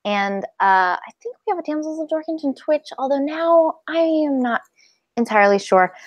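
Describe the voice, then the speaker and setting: A woman's voice: high voice, animated, normal speed, no echo. A woman co-hosting a comedy podcast, hesitant with lots of ums, making dry jokes. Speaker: podcast co-host. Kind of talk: casual comedic chat.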